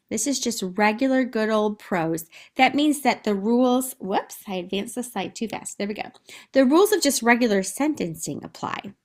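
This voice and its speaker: A woman teacher talks her students through a recorded lesson over slides. Her delivery is chatty and conversational, with small fillers and restarts as she thinks aloud. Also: fairly high pitch.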